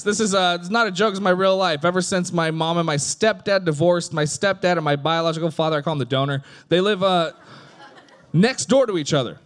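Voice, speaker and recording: A man in his thirties doing stand-up, telling a family story deadpan and putting on voices for the punchlines. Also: high voice. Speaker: stand-up comedian.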